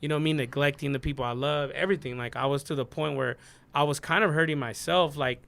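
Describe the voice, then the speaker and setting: Male DJ guest, 30s, earnest rambling storyteller; bright, edgy tone. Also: a little high, steady tone, fast, vocal fry. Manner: earnest, rambling, heavy on "like" and "you know what I mean". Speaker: DJ guest on a podcast. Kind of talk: casual storytelling interview.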